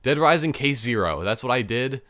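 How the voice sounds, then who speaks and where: A man's voice: medium pitch, lively intonation, moderate pace, bright, forceful tone, no echo, studio quality. A young man chatting casually on his own podcast, rambling and interrupting himself, now and then laughing at his own jokes. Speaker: podcast host. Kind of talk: casual solo podcast chat.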